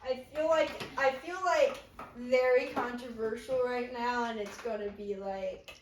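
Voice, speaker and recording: A woman in casual chat, excited and emphatic, with many fillers. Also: on the high side, unhurried, far from the mic, slight background noise. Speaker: co-host. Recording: roomy sound from off-mic.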